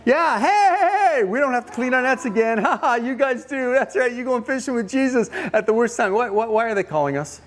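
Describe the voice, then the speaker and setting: A man voicing excited fishermen on the shore who fire off teasing, curious questions. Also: very high-pitched, quick pace. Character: two eager, nosy fishermen on the shore.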